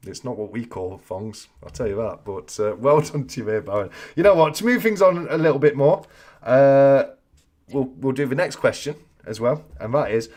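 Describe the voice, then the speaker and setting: A man's voice: mid-range voice, lively intonation, moderate pace, darkish tone. A man hosting a casual live-stream chat, joking, laughing often and reading out viewers' answers. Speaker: host of a live coin-collecting chat stream.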